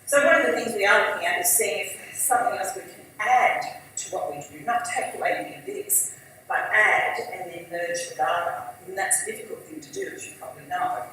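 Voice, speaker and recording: A woman giving a conversational conference talk as an industry chief executive; she is losing her voice and keeps clearing her throat. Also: medium pitch, very animated, fairly quick, bright, forceful tone, very echoey, recorded from a distance, slight background noise, poor audio. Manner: conversational, fillers and asides. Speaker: industry body chief executive, guest speaker.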